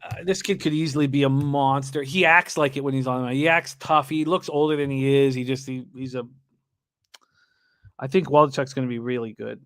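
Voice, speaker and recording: A man's voice: mid-range voice, steady tone, brisk, hardly any pauses, fairly bright tone, clear, resonant tone, no room sound. A man hosting a live sports betting show, talking casually with restarts and reading viewer comments aloud.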